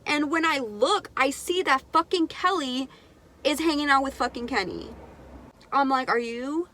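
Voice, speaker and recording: A young woman telling a personal story in a candid, animated, profane way on her vlog. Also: sits high, normal speed, a little hiss or hum. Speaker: vlogger. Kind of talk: casual storytime.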